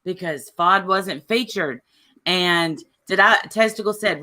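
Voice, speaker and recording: A woman's voice: lowish voice, a little slow, bright, forceful tone. A woman on a live stream chat, talking insistently and defending herself.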